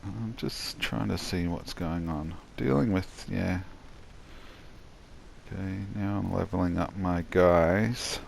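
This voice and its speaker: A tired man giving a rambling, halting voice-over commentary on his own gameplay, yawning as he goes. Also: low voice, steady tone, vocal fry, darkish tone, a little hiss or hum. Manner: rambling, halting, many restarts and fillers.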